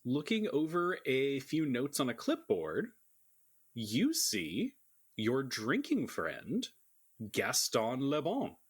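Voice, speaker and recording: A man's voice: mid-range voice, huge pitch swings, slow pace, husky. A man narrating a tabletop role-playing game as game master, with wry joking asides.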